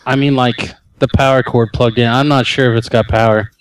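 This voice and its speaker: A man talking as a guest on a gaming podcast, making deadpan jokes in casual chat. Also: mid-range voice, a little fast, a little hiss or hum. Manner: deadpan, joking.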